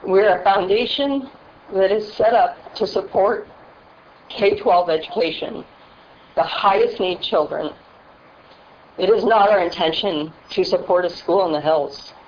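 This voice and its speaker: A woman's voice: mid-range voice, measured pace. A woman from a funding foundation giving an earnest, emotional public comment at a board hearing. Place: public board meeting room. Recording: muffled meeting-room audio with faint hiss.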